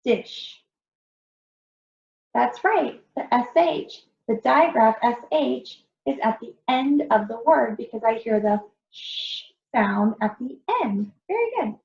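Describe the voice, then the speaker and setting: A woman as a patient phonics teacher, slightly high voice, roomy and dull-sounding recording. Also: vocal fry, a little mellow. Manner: slow, patient, encouraging, stretches out sounds. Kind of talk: early reading lesson for young children.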